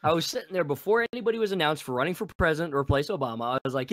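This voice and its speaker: A man's voice: a little high, expressive, very fast, few pauses, no room sound. Joking, profane podcast co-host, man. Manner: joking, profane, self-mocking. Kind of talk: casual chat.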